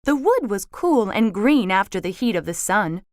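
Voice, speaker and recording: A woman reading a children's storybook aloud, slow and expressive. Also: mid-range voice, dry recording, studio quality.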